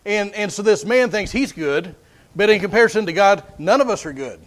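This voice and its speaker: A man's voice: high-pitched, animated, fairly quick. A man preaching a sermon in an earnest way, often repeating words as he builds his points.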